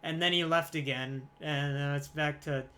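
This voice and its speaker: A woman's voice: low-pitched, steady tone, normal speed, bright, forceful tone, smooth. Podcast host, woman, giggly and rambling, casual group chat energy.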